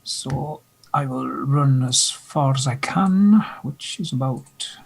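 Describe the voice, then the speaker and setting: A slow, gravelly-voiced player. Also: male voice, medium pitch, poor audio. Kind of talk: casual tabletop play.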